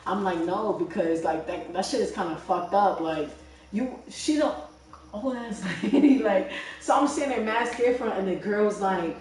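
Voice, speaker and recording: A young woman tells a story in casual chat, in an animated and profane way, full of fillers. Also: medium pitch, moderate pace. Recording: echoey room, far from mic.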